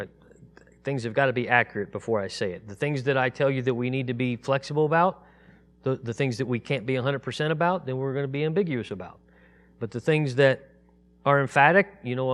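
Man teaching a Bible study. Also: medium pitch. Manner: reads scripture aloud in a raised, slow, emphatic voice; explains in a casual, conversational way with fillers and restarts.

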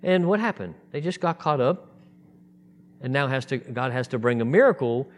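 A man preaching a sermon, animated and acting out the voices of the people in his story. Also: mid-range voice, normal speed. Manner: animated, acts out voices in quotes.

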